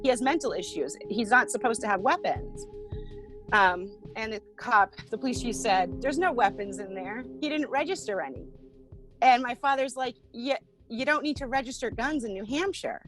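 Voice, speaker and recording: A woman's voice: fairly high pitch, lively intonation, normal speed, a bit bright, low-quality recording. A woman being interviewed, recounting a personal ordeal in an earnest way, with frequent fillers. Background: music.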